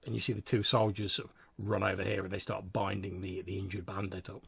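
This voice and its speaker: A man's voice: fairly low pitch, steady tone, fast, creaky, breathy edge. A man narrating as game master in a casual, descriptive manner, full of filler words.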